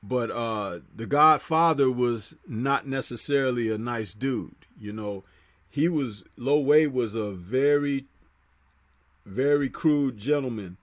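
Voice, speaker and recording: A man hosting a casual livestream, talking loosely with many fillers and reading viewer comments aloud. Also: no room sound. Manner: conversational, reads chat comments aloud; frequent fillers, drops low on asides. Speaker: host.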